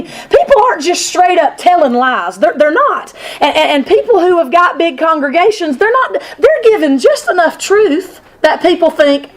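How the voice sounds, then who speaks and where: A woman teaching a women's Sunday school lesson, talking in an animated, conversational way to her class. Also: high-pitched. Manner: animated and conversational, acting out Bible speakers. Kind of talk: women's Bible study lesson. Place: church classroom with a group.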